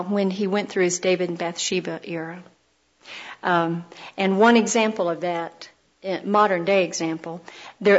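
A woman delivers a sermon in the voice of a storyteller, with dry humor and quick acted-out quotes. Her voice sits at a middling pitch. The recording is muffled and lo-fi. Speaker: Christian speaker.

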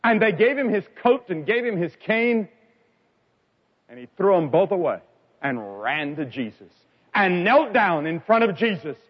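A man delivers an evangelistic sermon in a fairly high voice that leaps up and down in pitch. He tells his stories dramatically, rising to loud cries and dropping to hushed lines. The old recording sounds dull and lo-fi. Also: very animated, measured pace, breathy edge. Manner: dramatic storytelling with sharp swings in pitch and loudness. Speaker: preacher.

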